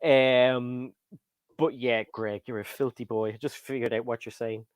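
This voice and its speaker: Here the British livestream host speaks in a smooth, mid-range voice at a moderate pace, his tone level. He rambles through a casual chat and reads out viewer comments, and the recording is dry.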